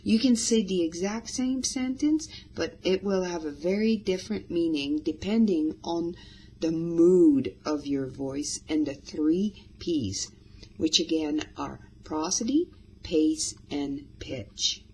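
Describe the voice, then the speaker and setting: Woman host, instructional, unhurried and breathy, expressive delivery. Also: on the low side, low-quality recording. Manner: expressive, demonstrating vocal examples. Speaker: podcast host. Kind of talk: instructional talk to guests.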